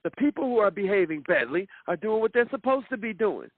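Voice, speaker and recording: Sounding dry and tinny as if over a phone, with slight background noise, a motivational speaker preaches a little fast in a high, sing-song voice. He repeats words for effect and acts out the voices of those he quotes.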